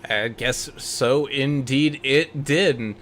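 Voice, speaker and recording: A man's voice: medium pitch, slow, fairly bright tone. A man hosting a sim racing broadcast, leading post-race interviews with upbeat broadcaster patter. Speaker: play-by-play host.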